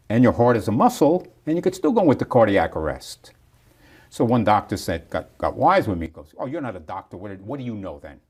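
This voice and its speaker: A man's voice: fairly low pitch, husky. A man who promotes bodybuilding, telling a story at length and acting out the people in it. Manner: animated storyteller, voices the people in his story. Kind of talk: storytelling in an interview.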